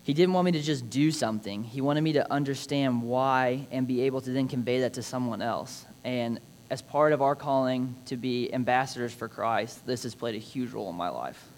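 A man's voice: mid-range voice, moderate pace, a little hiss or hum. A young man gives a prepared personal speech about his father, reading scripture in an earnest, reflective way with touches of light humor. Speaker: speaker honoring his father.

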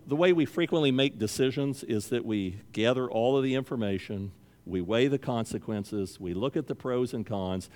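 A man's voice: medium pitch, in a large hall. A man preaching a sermon as a pastor, earnest, sometimes acting out the voices in his stories. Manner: earnest, acts out voices in stories with lively shifts.

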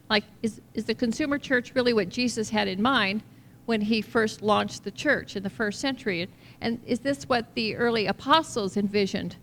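A female pastor with a fairly high, fairly bright voice preaches to her congregation in the church sanctuary, keeping it conversational and asking them questions throughout. The recording has the echo of a reverberant hall, a little background noise, and a dip in level midway.

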